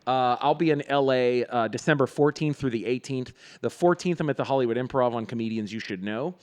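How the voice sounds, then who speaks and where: A man's voice: mid-range voice, a little fast, darkish tone. A man, a comedian co-hosting a casual podcast, joking and rambling with plenty of fillers as he lists his upcoming shows. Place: studio room in a comedy theater.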